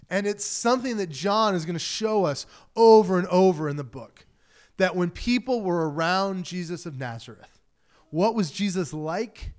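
A man's voice: high-pitched, lively intonation, normal speed. A man preaching a sermon as pastor, talking in a loose conversational way and acting out quoted voices.

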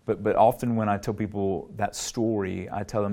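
Earnest preacher man, low voice. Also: flat delivery, moderate pace. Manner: earnest, rising to emphatic peaks then dropping low and soft. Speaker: pastor. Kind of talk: sermon.

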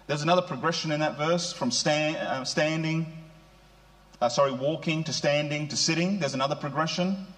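Middle-aged guy preaching, kinda high voice, chatty, keeps asking the crowd questions. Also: fairly bright tone. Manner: conversational, asks the congregation rhetorical questions. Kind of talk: sermon.

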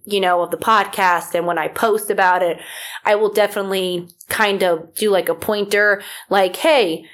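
A woman from Florida hosting a podcast in casual chat, rambling with many fillers, her voice a little rough from feeling unwell. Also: medium pitch, steady tone, normal speed, a bit bright. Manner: rambling, filler-heavy, self-deprecating. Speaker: podcast host.

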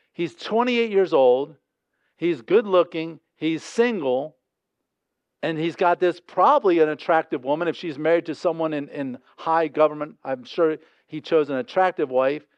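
A man's voice: on the high side, no echo, muffled recording. A man preaching a sermon in a conversational, emphatic way, acting out quotes as he goes. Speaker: pastor.

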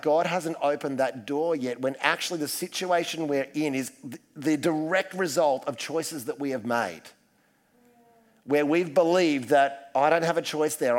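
A man preaching a casual, self-deprecating sermon full of asides. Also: on the high side. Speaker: pastor.

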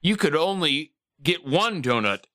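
A man's voice: fairly high pitch, big pitch swings, unhurried, sharp tone, dry recording. A man hosting a prank phone call, pushy and rambling, coaxing the other side again and again. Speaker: host making a prank call.

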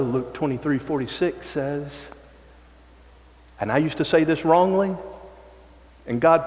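A man preaching a sermon as pastor, reading scripture slowly and swinging between forceful emphasis and hushed, low passages. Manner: dramatic shifts from loud emphasis to hushed low tones; slow, drawn-out scripture reading. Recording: long reverb of a large hall.

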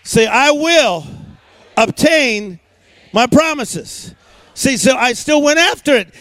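A middle-aged man with a very high voice delivers a fiery sermon, recorded dry and close. He tells stories with quick asides and hammers single words over and over in a steady beat, calling the crowd to answer back. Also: no room sound. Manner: emphatic, rhythmic repetition of words; storytelling with punchy asides and call-and-response. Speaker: preacher. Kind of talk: energetic sermon.

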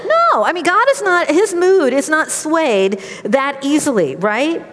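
Middle-aged woman preacher, slightly high voice, chatty storytelling sermon, long hall reverb. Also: unhurried, few pauses. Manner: conversational storytelling, animated. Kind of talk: sermon with personal stories.

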